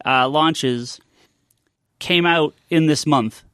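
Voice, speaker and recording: A man's voice: on the high side, very slow, smooth, no echo, studio quality. A man hosting a casual comics podcast, leading the talk and reading out sales figures. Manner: animated, leads the talk and reads out sales numbers. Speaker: podcast host.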